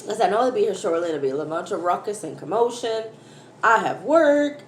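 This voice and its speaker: An American woman tells a story in an animated, exclaiming way, calling out to viewers as y'all. Her pitch sits mid-range. The room gives her voice a noticeable echo, with faint background noise. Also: brisk. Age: adult, mother of a school-age daughter. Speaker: food vlogger. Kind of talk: casual storytelling while eating.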